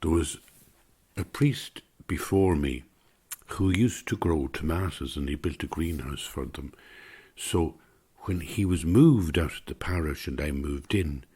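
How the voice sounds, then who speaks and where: An older Irish man telling a personal story in an unhurried, conversational way, dropping to a whisper for quoted voices. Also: extremely low pitch, warm tone, breathy edge.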